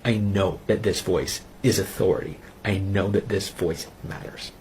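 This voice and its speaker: A man telling his personal faith testimony in an earnest, intense way, pausing and restarting as he recounts it. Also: low voice, a little mellow, a little hiss or hum. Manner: earnest, intense storytelling with halting pauses. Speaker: testimony speaker.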